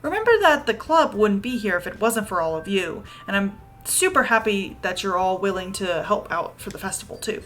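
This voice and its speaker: A woman reading the lines of a composed, polite schoolgirl club president in a calm, measured way. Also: medium pitch, faint music behind, close to an everyday voice.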